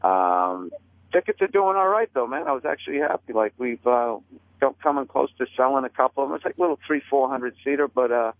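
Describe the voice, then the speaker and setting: A man telling stories in a casual chat, deadpan and self-mocking, calling in as a comedian guest. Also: mid-range voice, a little fast, no echo. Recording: dry tinny phone line.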